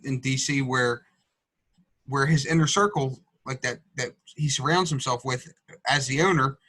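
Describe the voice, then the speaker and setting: A man's voice: fairly high pitch, fairly bright tone, dry recording. A man co-hosting a sports podcast in casual chat, blunt and heated, swearing freely as he gives his opinions. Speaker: podcast co-host.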